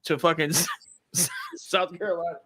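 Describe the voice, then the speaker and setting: A man's voice: high voice, huge pitch swings, slow, bright, forceful tone, husky. A man in his forties from the Ozarks, co-hosting a casual comedic chat in a jokey, crude way. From Ozarks, United States. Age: 40s. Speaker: podcast co-host.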